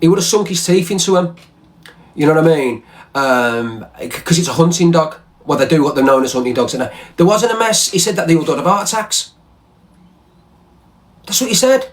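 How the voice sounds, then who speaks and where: A man's voice: a little high, animated, a little fast. A man ranting angrily on a livestream, swearing and repeating himself. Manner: heated, profane, repetitive. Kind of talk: angry livestream rant.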